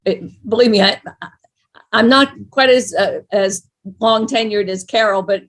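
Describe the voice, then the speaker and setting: An older woman moderating a panel discussion, speaking in a halting way with many fillers. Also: medium pitch. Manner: warm, halting, with many ums and uhs.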